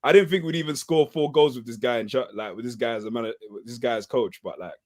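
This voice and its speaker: A man's voice: medium pitch, fast talker. A man joining a football chat, amused and laughing through his points. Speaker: guest fan.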